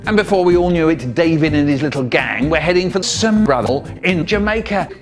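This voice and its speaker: A man narrating a spliced comedic story as an animated storyteller, his voice jumping high and low. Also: fairly quick. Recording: music bed underneath.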